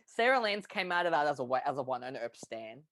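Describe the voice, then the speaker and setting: A co-host on a casual online fan discussion of a TV show, emphatic, excitable and jokey. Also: mid-range voice, fast, no room sound. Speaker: podcast co-host.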